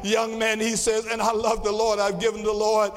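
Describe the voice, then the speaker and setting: A man preaching a sermon as pastor, with a rhythmic delivery that swings from quiet passages to shouts. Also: sits high, completely flat delivery, moderate pace. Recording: long reverb of a large hall.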